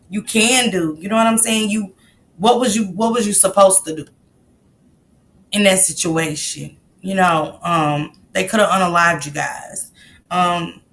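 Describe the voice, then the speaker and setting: A woman talks straight to her live-stream audience, pausing to greet viewers by name. Her voice is bright and edgy with a gravelly fry, over a faint low rumble. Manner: emotional, reads viewer comments and greets viewers. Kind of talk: casual live-stream commentary.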